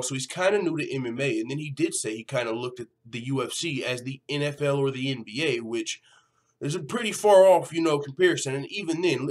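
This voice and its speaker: Profane, animated man ranting on MMA news. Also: a little high. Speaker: MMA news channel host. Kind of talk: casual commentary vlog.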